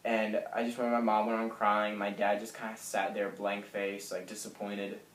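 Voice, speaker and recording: A young man in his late teens telling a personal story to camera, soft and halting with lots of fillers. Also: lowish voice, flat delivery, a little hiss or hum. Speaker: vlogger. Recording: echoey room.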